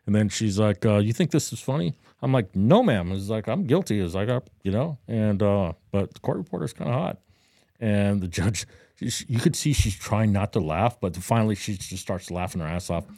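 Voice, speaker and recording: Man co-host, deep and dark-toned, casual anecdote with voiced-out quotes, dry close sound. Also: normal speed, dry recording. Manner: animated, acts out quotes with a higher voice. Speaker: podcast co-host. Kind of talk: casual storytelling banter. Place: Daytona Beach, Florida.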